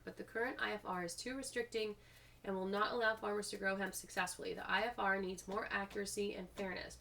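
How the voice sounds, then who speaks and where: Bright-voiced woman reading comments aloud. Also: mid-range voice, creaky. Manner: reads comments aloud, breaks off with frustrated asides. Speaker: video host reading public comments.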